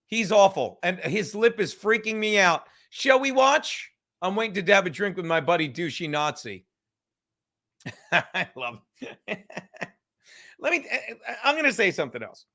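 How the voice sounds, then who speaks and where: At a moderate pace, a man in his fifties rambles through a casual livestream from home in a high-pitched, pushed, bright voice with big pitch swings. He swears, laughs often, drinks while talking, and sometimes falls to a whisper.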